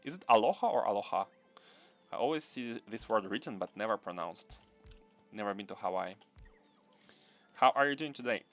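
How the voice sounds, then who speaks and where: A man with a somewhat low voice hosts a live gameplay stream. He thinks aloud as he plays, repeats his phrases and chats casually with viewers between chuckles. Faint music plays in the background. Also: animated, moderate pace, long pauses, fairly bright tone. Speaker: gaming livestream host.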